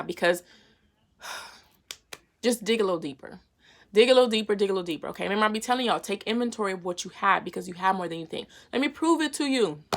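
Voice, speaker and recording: A woman's voice: mid-range voice, pushed and bright. A woman giving a casual, slangy Bible lesson to her viewers and retelling scripture in everyday talk. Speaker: faith vlogger teaching a Bible lesson.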